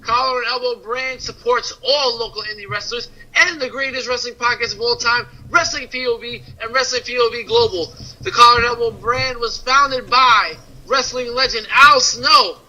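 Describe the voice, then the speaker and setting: A man's voice: very high-pitched, moderate pace, bright, forceful tone, dull audio. A man co-hosting a casual podcast in a playful, mock-outraged way. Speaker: podcast co-host. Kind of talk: casual chat and ad read.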